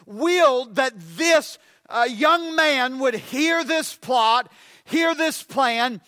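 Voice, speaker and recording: A man preaching a sermon, building his points with repetition and rising to shouts on key lines. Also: extremely high pitch, no room sound.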